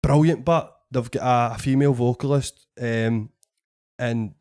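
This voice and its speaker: A man with a Scottish accent, a podcast host and comedian, telling an animated story full of swearing in casual chat. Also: mid-range voice, measured pace. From Scotland.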